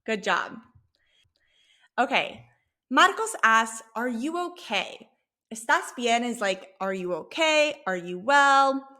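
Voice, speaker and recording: A woman teaching a Spanish lesson, explaining a sample dialogue clearly and patiently. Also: fairly high pitch, bright, forceful tone. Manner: clear, patient, slow when modeling Spanish phrases.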